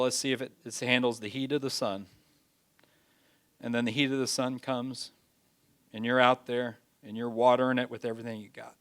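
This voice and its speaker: Man preaching with dramatic swings. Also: mid-range voice. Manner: dramatic, swings from loud pleading to hushed; folksy everyday phrasing. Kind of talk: sermon.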